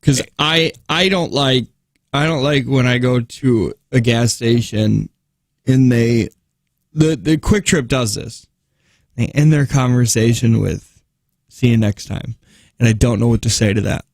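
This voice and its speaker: A man co-hosting a morning radio show, chatting in animated banter with frequent laughs and restarts. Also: medium pitch, a little slow, dry recording, clean studio sound. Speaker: radio co-host. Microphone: studio mic.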